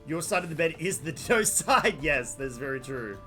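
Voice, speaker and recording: A chatty Australian man streaming a game from his room at home, greeting viewers by name in a friendly, rambling way. His voice sits a bit high for a man and moves lively up and down, with faint game music playing underneath. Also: normal speed. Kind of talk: casual live game stream chat.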